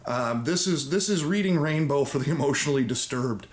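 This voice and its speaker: A man's voice: fairly high pitch, lively intonation, a little fast. Wry man hosting a story-time reading. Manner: wry, theatrical asides. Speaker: YouTube host.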